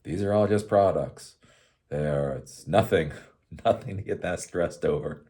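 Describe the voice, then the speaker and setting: A man's voice: sits low, unhurried, mellow. A man hosting his own show, talking in a casual, rambling monologue and laughing often. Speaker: show host.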